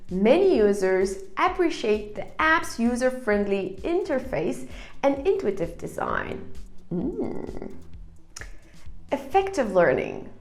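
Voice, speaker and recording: A woman's voice: on the high side, reverberant. A woman teaching English online, explaining grammar step by step and reading answers aloud.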